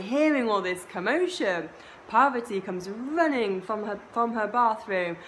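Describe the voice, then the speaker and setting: A woman teaching kirtan and telling a myth in an unhurried, expressive way, with soft laughs and asides. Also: mid-range voice, a little hiss or hum, poor audio. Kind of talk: storytelling a myth.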